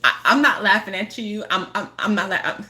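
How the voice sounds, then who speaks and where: A woman's voice: medium pitch, fairly quick, bright, forceful tone. A woman spiritual healer talking casually to her viewers, rambling, restarting sentences and laughing often. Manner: apologetic giggling asides. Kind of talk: casual chat to camera.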